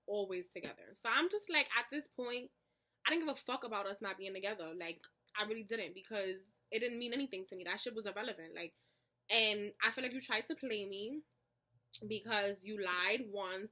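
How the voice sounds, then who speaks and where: A young adult woman telling a story on her vlog, animated and profane, full of "like," acting out both sides of an argument. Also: medium pitch. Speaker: vlogger.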